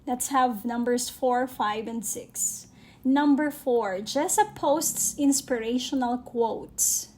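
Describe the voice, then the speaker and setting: A woman with a Filipino accent teaching an English grammar lesson, speaking slowly and deliberately and checking in with listeners often. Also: fairly high pitch, a little mellow. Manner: slow and deliberate, often checks in with "okay?" and addresses "guys".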